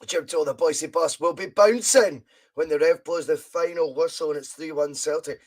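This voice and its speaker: A Scottish man with a slightly higher-than-usual voice gives chatty live fan commentary on a match as a podcast host. He talks along casually, reads out viewer comments, and breaks into excited shouts whenever his side goes close. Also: normal speed.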